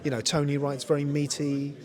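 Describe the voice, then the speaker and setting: At a screening in a busy event venue, a lead actor in his fifties chats casually in an interview. His voice is a little high, monotone and fairly quick, and he rambles, laughing and saying "you know" a lot.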